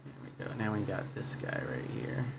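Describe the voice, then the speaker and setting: A man's voice: fairly low pitch, animated, moderate pace, creaky, background noise. A man casually streaming a game, thinking aloud and reading chat, often repeating himself. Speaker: livestreamer. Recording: guitar music playing under voice.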